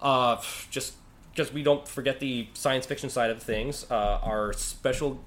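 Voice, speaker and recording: A man chatting casually as a convention organizer, excitable and acting out what other people said. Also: measured pace. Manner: excitable, acts out quoted people in high voices. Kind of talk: casual podcast chat.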